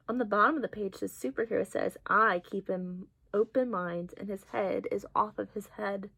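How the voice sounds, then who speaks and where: A young woman, an education student, reading a picture book aloud in an expressive storytelling way with marvelling asides. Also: fairly high pitch, no room sound.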